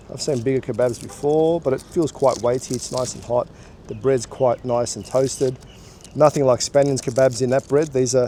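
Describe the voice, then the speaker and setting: A man's voice: mid-range voice, warm tone, a little hiss or hum. A man with an Australian accent hosting a casual food review vlog, chatty and swearing offhandedly. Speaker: food vlogger.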